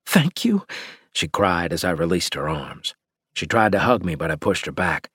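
A man narrating a first-person story in a grim, measured audiobook reading. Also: sits low, pushed and bright, breathy edge, no echo, clean studio sound.

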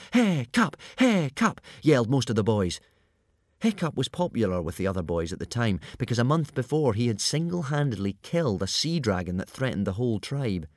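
A man narrating a children's adventure book in a lively, expressive reading. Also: lowish voice, no echo, clean studio sound. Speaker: audiobook narrator. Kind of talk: scripted storybook narration.

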